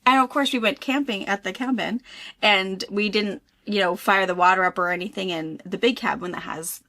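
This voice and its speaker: Bright, bubbly young mother. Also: mid-range voice. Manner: chatty, giggly, quick asides. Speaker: co-host, mother. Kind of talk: casual chat.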